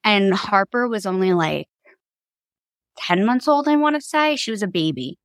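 A woman's voice: mid-range voice, animated, moderate pace, dry recording. A woman in her thirties from Long Island, New York, a podcast guest telling her family story in a candid, chatty way and laughing easily. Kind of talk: casual storytelling.

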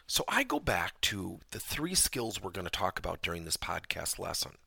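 A man hosts a podcast lesson, his voice gravelly and a little husky, with a bright, forceful edge. His pitch swings widely as he presses rhetorical questions. The sound is dry and close. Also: moderate pace, dry recording. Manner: animated, emphatic, rhetorical questions. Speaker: podcast host and workplace trainer. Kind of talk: podcast lesson with personal stories.

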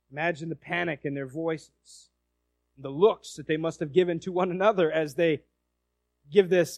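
A man preaching a sermon, dramatic, acting out a scene and swinging from loud to hushed. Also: a little high, fairly even intonation, normal speed, no echo.

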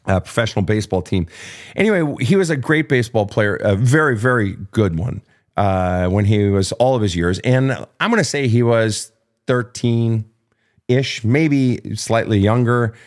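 A man's voice: fairly low pitch, normal speed. A man in his fifties hosting a call-in advice show, telling stories candidly, swearing freely and laughing at himself. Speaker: podcast host answering listener questions. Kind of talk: casual storytelling and advice.

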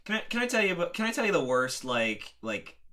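A man in a casual podcast chat, telling animated stories with heavy profanity. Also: fairly high pitch, fast.

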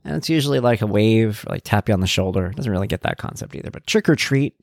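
A middle-aged man hosting a podcast, telling stories about his son in a casual, animated way and getting worked up as he talks. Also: lowish voice, quick pace, no echo, studio quality. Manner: animated storytelling, gets worked up, acts out quotes. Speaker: podcast host, parent of an autistic son.

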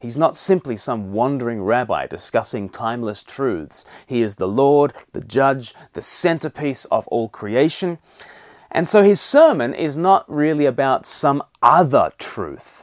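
A man preaching a sermon, rising in pitch and loudness to stress his key points. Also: expressive, unhurried, dry recording, clean studio sound.

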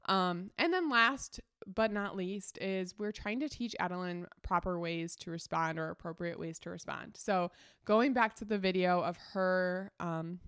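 A young adult woman hosting a podcast, a mother chatting casually about parenting with many fillers and quick laughs. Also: fairly low pitch, fairly bright tone, clean tone, no room sound, clean studio sound. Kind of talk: casual solo podcast chat.

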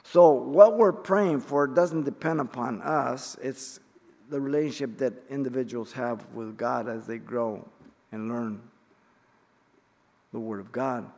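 Middle-aged man, Bible study teacher, measured emphatic delivery, long hall reverb. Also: medium pitch, vocal fry, darkish tone.

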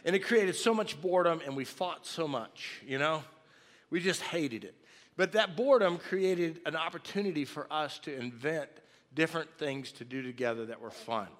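A man in his fifties preaching in a lively, joking storytelling way, acting out loud shouts as he tells it. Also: medium pitch. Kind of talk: storytelling sermon. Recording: long reverb of a large hall.

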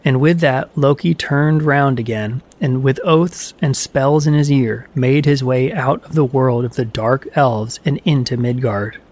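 A man reading a myth aloud as a storyteller, in an even, measured way. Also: medium pitch. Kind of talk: scripted narration of a myth.

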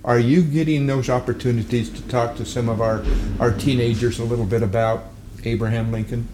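A man hosting an interview, asking steady, plain questions. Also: medium pitch, a little fast, reverberant, noisy background. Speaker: host. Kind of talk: interviewing a guest.

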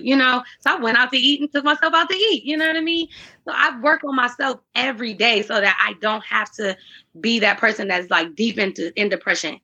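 A woman's voice, bright and edged with a husky breathiness, sitting slightly high. She talks as a guest in an earnest, faith-driven way, restarting her sentences as she goes. The audio is dull and lo-fi. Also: a little fast. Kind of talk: candid conversational interview.

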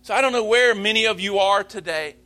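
A man's voice: sits high, pushed and bright, soft background music. A man in his late thirties preaching a sermon as pastor, speaking earnestly and openly about his own struggles. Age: 30s. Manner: earnest, confessional, slow and emphatic.

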